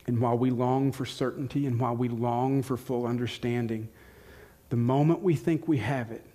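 Preaching a sermon, a man in his forties with a Southern American accent, from the United States, speaks at a moderate pace in a mellow, medium-pitched voice with fairly even intonation. The pastor is earnest, quizzes his congregation, and echoes key lines for emphasis.

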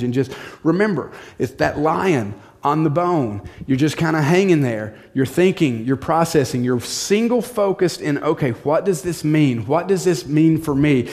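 A man's voice: a little high, darkish tone. A male pastor preaching a sermon in a direct, practical way, repeating short commands.

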